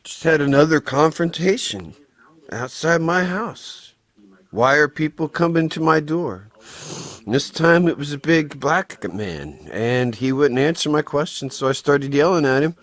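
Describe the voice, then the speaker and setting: A man's voice: on the high side, lively intonation, measured pace, a bit bright. A middle-aged man recounting a confrontation in a personal vlog, agitated and swearing often as he retells it. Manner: agitated, profane storytelling. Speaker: vlogger.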